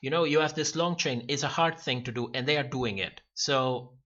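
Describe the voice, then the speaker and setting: A man's voice: medium pitch, moderate pace, pushed and bright. Chatty man hosting a livestream, lo-fi sound. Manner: chatty, rambling, laughs often, many restarts. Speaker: livestream host. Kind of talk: casual livestream chat reading comments.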